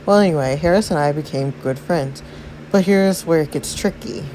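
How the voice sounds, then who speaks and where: A woman voicing a middle-aged police chief father who gently and carefully confides an old family secret to his daughter. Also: sits low, moderate pace, a little hiss or hum, lightly acted, poor audio. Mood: confiding.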